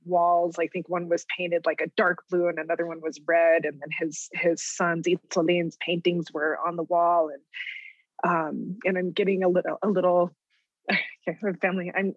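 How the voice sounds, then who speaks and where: Middle-aged woman from new mexico, reflective, lots of ums, lowish voice, dry dull sound. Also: flat delivery, moderate pace, no room sound. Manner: thoughtful, many ums and restarts, laughs lightly. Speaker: writer, interview guest. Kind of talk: reflective interview storytelling. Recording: dull lo-fi close recording.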